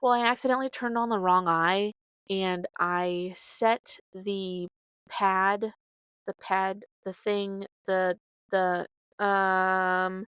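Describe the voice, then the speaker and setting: A woman with a medium-pitched, steady, fairly bright voice hosts a podcast, speaking slowly in a clean, dry recording. She tells her story casually and meanderingly, with side notes and self-corrections, and dramatically acts out the quoted dialogue.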